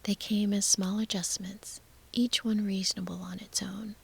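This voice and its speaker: A woman whispering a calm, slow sleep story for adults as its storyteller. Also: medium pitch, creaky, breathy edge. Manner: slow, hushed, soothing whisper.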